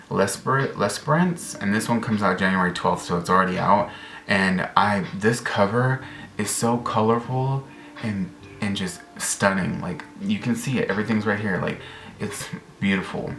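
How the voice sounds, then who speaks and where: A man casually chatting to camera about upcoming books, rambling and excited, full of fillers and restarts. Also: low voice. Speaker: book vlogger. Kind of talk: casual book chat to camera. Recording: echoey room, faint background noise.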